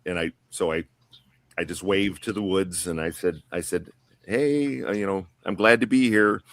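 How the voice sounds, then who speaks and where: A man's voice: low-pitched, normal speed, creaky, a bit bright, no room sound. A man telling a long story on a podcast panel in a casual, rambling way, full of fillers and restarts. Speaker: guest.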